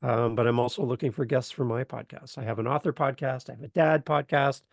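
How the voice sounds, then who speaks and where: A man from Canada, a podcast guest telling a lively story and acting out the voices in it. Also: medium pitch, fairly quick, creaky, dry recording. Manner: animated, acts out voices in anecdotes. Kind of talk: enthusiastic storytelling in interview.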